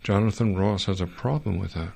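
Gravelly, wry male storyteller. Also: sits low, fairly quick. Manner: wry and sardonic, with dry dark humor. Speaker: narrator. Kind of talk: first-person audiobook narration.

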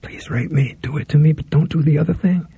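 A frightened young woman begs in breathless, raised tones, as a male audiobook narrator puts her on. The voice keeps a gravelly, husky grain and a very dark timbre. It sits in a dry, dull, lo-fi recording. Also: fast, dry recording, full character voice. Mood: desperate. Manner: breathless, pleading, raised pitch.

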